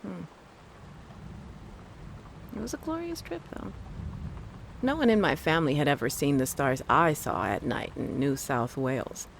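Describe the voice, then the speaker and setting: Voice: medium pitch, lively intonation, unhurried, creaky, pauses often, noisy background. A narrator reading a first-person scary story, with dry, wry asides. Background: faint thunderstorm ambience.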